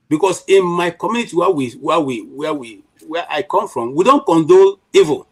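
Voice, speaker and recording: A man's voice: fairly high pitch, animated, normal speed, slightly rough, poor audio. A middle-aged Nigerian man giving impassioned political commentary on a panel, emphatic, with frequent restarts and "you know" fillers.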